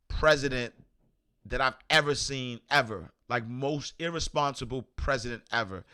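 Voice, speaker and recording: A man hosting a casual news commentary show, rambling with many fillers and getting animated when indignant. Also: mid-range voice, normal speed, smooth. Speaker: host.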